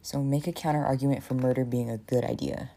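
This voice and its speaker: A woman streamer working through a story game in a relaxed, thinking-aloud way. Her voice is very low with plenty of vocal fry and a dark, mellow tone. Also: fast talker. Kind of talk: casual game playthrough and reading aloud.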